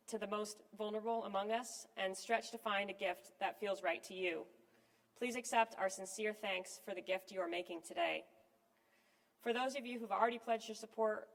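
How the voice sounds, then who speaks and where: A woman delivering a scripted fundraising speech in a measured, earnest way to an audience at an event. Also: medium pitch, fairly bright tone. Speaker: fundraising appeal speaker. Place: event venue with live and online audience. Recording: long reverb from a large hall.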